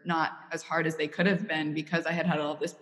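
A woman's voice: deep voice, level tone, a little fast, fairly bright tone, big-room sound. A woman in her twenties from Missouri, with a Missouri accent, answering interview questions in a poised, articulate and earnest way. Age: 20s. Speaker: interview guest, college student.

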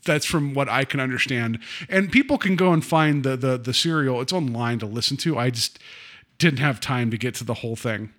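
A man's voice: mid-range voice, a little fast. A man co-hosting a podcast in casual chat, talking loosely about a story and acting out quotes. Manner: chatty, quotes others in animated voices. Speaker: podcast co-host.

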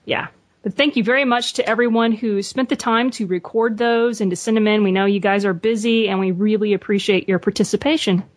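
A woman's voice: medium pitch, steady tone, a little fast, dry recording. Woman, podcast co-host, friendly, thankful, dry close sound. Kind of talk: casual chat.

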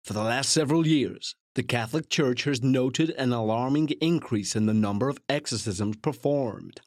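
A man voicing a grave, dramatic male trailer narrator, reading slowly in a shaky mock American accent. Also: mid-range voice, no echo, studio quality, natural voice. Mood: ominous.

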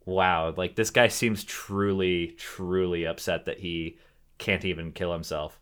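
A man's voice: low voice, steady tone, measured pace, a bit bright, clean tone. A young man chatting casually about a film he rewatched, rambling with lots of fillers and restarts. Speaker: podcast co-host discussing a film. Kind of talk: casual chat.

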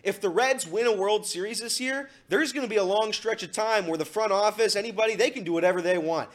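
A man co-hosting a sports talk show in a studio, reasoning aloud in a measured way with hedges. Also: high voice.

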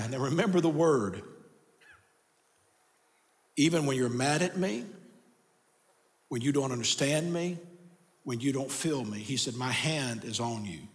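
An older man preaching in a large church with a long, ringing reverb. His voice sits a bit high for a man, and he swings from hushed, gentle lines to shouted emphasis, repeating key phrases. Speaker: pastor. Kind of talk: sermon.

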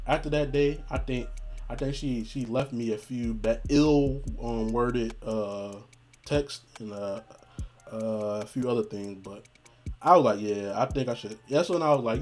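Guy rambling thru a funny story, cussing, laughing a lot, soft music under it. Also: mid-range voice, normal speed. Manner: joking, profane, laughs often, acts out quotes. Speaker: vlogger telling a personal story. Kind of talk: casual storytelling monologue.

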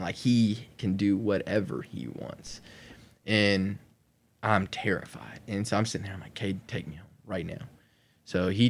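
A man as a podcast guest, telling an emotional personal story in an animated way, with frequent laughter and many "like" fillers. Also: low voice. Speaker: guest sharing his conversion testimony.

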